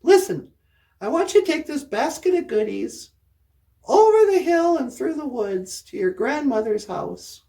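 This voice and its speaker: A careless, bossy mother, as a woman puts her on, brushing off her orders offhandedly. Her voice is high, and she talks at an unhurried pace. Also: sing-song, mellow, heavily acted. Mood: offhand.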